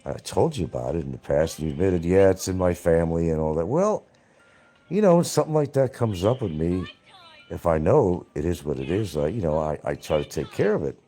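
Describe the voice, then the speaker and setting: A low-voiced man with a husky, dark tone hosts his own livestream. He rants at absent critics and mocks them, hammering the same points over and over with plenty of swearing. His pitch swings widely as he talks. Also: very animated, fairly quick, soft background music. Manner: confrontational, mocking, repeats points, swears. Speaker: livestream show host. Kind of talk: ranting livestream monologue.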